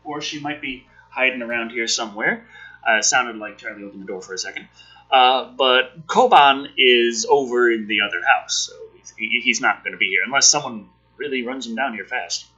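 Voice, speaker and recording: A man's voice: mid-range voice, normal speed, bright, forceful tone, slightly rough, dull audio. A man hosting a casual livestream chat show from home, joking around and reading out viewer chat.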